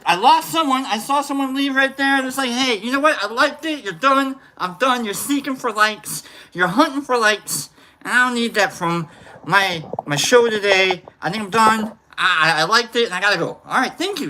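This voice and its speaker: A man's voice: high-pitched, sharp tone, a little hiss or hum. Joking man greeting his live-stream viewers. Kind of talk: casual live-stream chat.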